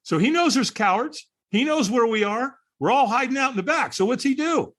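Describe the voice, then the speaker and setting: Telling a high-energy story on a podcast, a male guest imitates the people he quotes. His voice is very high-pitched, expressive, and fairly bright, and he moves along fairly quickly.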